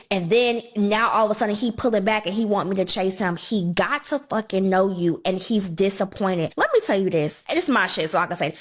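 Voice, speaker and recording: A woman's voice: mid-range voice, moderate pace, few pauses. A woman in a casual candid chat, blunt and profane, mocking herself.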